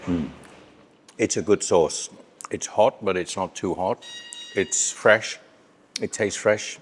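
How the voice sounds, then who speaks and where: Speaking low and slowly, with a little hiss or hum in the audio, a man presents a laid-back travel food vlog from an outdoor street stall. He chats cheerfully, laughs often and talks between bites.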